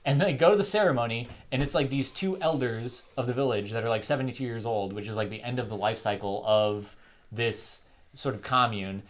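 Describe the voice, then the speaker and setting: A young man co-hosts a relaxed film review podcast. He retells scenes with animated energy, scattering fillers and slipping into quoted voices. His pitch sits in an ordinary middle range. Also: brisk, slight background noise. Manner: animated retelling with lots of "like" and laughs. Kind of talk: casual film discussion.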